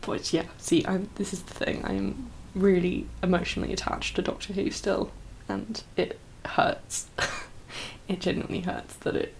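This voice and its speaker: Young woman talking soft asmr-style, half whispering, a bit teary, lots of ums, close mic, faint hum behind. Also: mid-range voice, flat delivery, normal speed, gravelly, low-quality recording. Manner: soft-spoken, drifting into whispers; rambling, full of fillers and laughs. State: teary, emotional. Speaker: ASMR creator. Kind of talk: soft-spoken ASMR chat.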